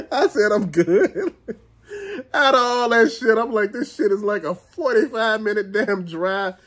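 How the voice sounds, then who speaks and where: Host casting: middle-aged man, lively comic ranter, swings his pitch a lot, salty language, laughs through his story. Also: a little slow. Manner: animated, profane, acts out quotes, laughs often. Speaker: show host. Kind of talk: comedic storytelling rant.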